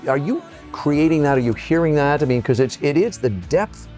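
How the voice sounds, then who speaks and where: A man's voice: on the high side, lively intonation, normal speed, a little mellow, faint music behind. A man in his fifties hosting an arts show, asking questions in an enthusiastic, rambling way and often interrupting himself.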